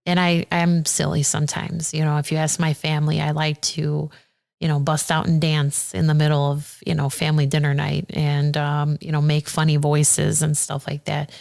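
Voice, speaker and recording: A woman who is a circuit judge, talking earnestly and warmly as a podcast guest, getting animated when she quotes people. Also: low-pitched, moderate pace, vocal fry. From Aurora, Illinois. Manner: earnest and heartfelt, animated when quoting others. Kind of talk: casual interview conversation.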